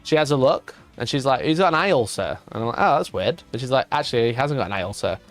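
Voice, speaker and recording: Male streamer, mid-pitched, loose sweary storytelling, light music underneath. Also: lively intonation, fast talker. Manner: chatty, swears freely, rambling storytelling. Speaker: streamer host. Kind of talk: casual livestream chat.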